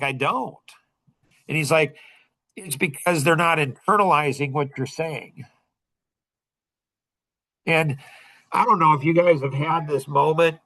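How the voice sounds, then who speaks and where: A man hosting a casual group chat, telling animated stories, his voice jumping high when he gets excited. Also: vocal fry. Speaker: host.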